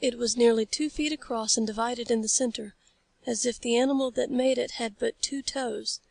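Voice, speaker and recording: Gravelly woman reading an audiobook. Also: fairly high pitch, steady tone, normal speed, a little mellow, no room sound. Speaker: audiobook reader. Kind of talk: scripted narration.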